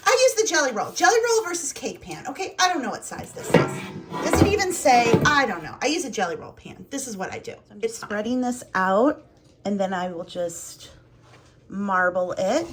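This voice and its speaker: A woman's voice: on the high side, very animated, moderate pace, fairly bright tone, slight background noise. Chatty, rambling woman vlogger. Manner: rambling, chatty, thinking aloud. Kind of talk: casual home vlog chat. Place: home kitchen.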